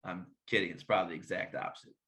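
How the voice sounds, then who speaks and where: A man with a bright, forceful voice, chatting as a swim coach in an interview. He tells loose, animated stories and slips into bits of dialogue as he goes. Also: low-pitched, racing. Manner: lively anecdotes, acts out dialogue. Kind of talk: casual interview storytelling.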